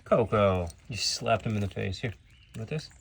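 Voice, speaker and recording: A man's voice: on the low side, moderate pace, creaky, very noisy. A man who keeps an animal sanctuary, narrating a casual vlog outdoors, explaining animal care plainly and cooing at the animals.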